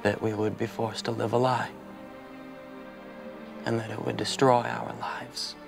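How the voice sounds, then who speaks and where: An actor playing a brooding young knight in love, speaking film dialogue in a low, gravelly murmur. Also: male voice, flat delivery, measured pace, over music. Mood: tender. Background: film score.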